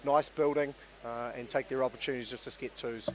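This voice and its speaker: A man's voice: medium pitch, fairly even intonation, brisk, crowd noise. A man with a New Zealand accent giving chatty live sports commentary, with many fillers and restarts.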